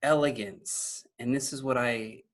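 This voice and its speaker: A man, a guest in a casual interview, telling animated stories with laughter and acted-out quotes. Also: mid-range voice, unhurried. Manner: animated, laughing storyteller who acts out quotes. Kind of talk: casual conversation.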